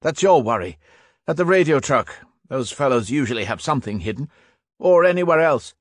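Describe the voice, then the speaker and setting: A man voicing a hardened male veteran soldier who barks orders loudly in an audiobook. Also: mid-range voice, expressive, a little fast, dry recording, clean studio sound, voice pushed up, lightly acted. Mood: commanding.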